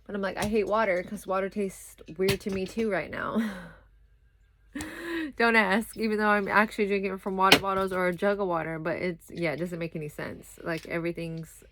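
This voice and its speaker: A young woman vlogger talks casually to the camera at a moderate pace, her mid-range voice set against background noise. She rambles and sounds tired, chatting along and breaking off to talk to her toddler.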